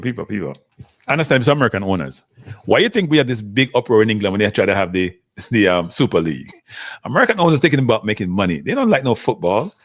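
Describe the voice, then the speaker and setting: Animated man hosting a livestream. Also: on the low side. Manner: animated, talks straight to the live chat, answers viewer comments. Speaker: livestream host. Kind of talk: casual livestream commentary.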